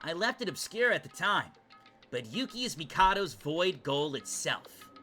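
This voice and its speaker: A man's voice: on the high side, very animated, normal speed, sharp tone, soft background music, heavily acted. A man reading a blunt scheming schoolboy. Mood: matter-of-fact.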